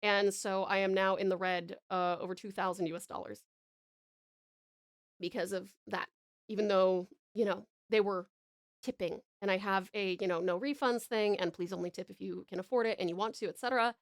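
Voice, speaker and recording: A woman's voice: medium pitch, fairly even intonation, moderate pace, no room sound, clean studio sound. A woman, chatting on a live stream, gushing thanks with lots of swearing and restarts. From Tasmania, Australia.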